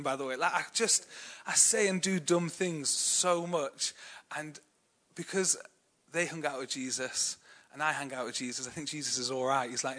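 Bright-voiced English preacher, chatty. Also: male voice, a little high. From England. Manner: chatty and self-deprecating, many fillers, laughs easily. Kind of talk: sermon with personal storytelling.

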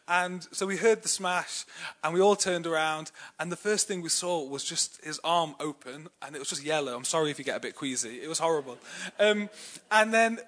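A man's voice: fairly high pitch, fairly quick, a bit bright. A young English man preaching a sermon in a chatty, self-deprecating way, telling personal stories with many fillers. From England.

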